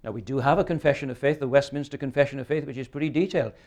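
A man's voice: mid-range voice, racing, darkish tone. A man in his sixties preaching a sermon, earnest and emphatic, often ending points with rhetorical questions. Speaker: pastor.

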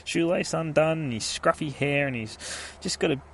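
A man's voice: fairly high pitch, moderate pace, creaky, fairly bright tone, slightly rough. Sweary man on a podcast. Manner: rambling and sweary, with many fillers. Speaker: podcast host. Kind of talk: casual comic book review.

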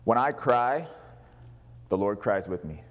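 A man preaching as pastor, passionate, moving between a raised voice and a hushed, tender delivery. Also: fairly low pitch, sing-song, takes it slowly. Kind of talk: sermon.

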